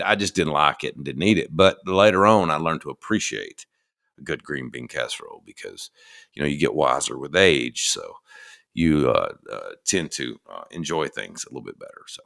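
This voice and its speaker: A man's voice: rumbling low, vocal fry, fairly bright tone. A middle-aged man with a Southern American accent, talking in a folksy, rambling and enthusiastic way as a podcast host. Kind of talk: casual monologue.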